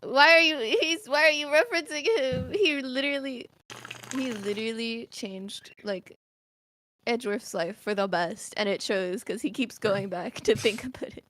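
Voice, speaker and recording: A chatty woman co-streamer with a high voice, rambling emotionally with many fillers. Clear noise sits under her voice in the recording. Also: moderate pace, fairly bright tone. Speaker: co-streamer and voice acting partner. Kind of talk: casual chat.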